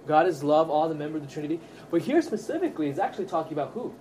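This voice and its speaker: A man teaching a Bible study class, earnest and emphatic, often checking in with his listeners with quick tag questions. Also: fairly high pitch, mellow, a little hiss or hum.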